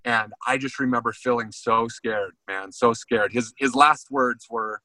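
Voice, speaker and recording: Bright-voiced man telling a football story. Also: mid-range voice, measured pace, hardly any pauses, no room sound, low-quality recording. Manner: animated storyteller, says "man" a lot. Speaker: guest, former college football player. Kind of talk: storytelling in a casual interview.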